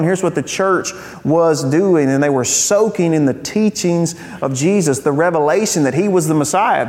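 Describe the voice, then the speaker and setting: A man preaching a sermon as pastor, conversational and earnest, with frequent fillers. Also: a little high. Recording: church hall with long reverb.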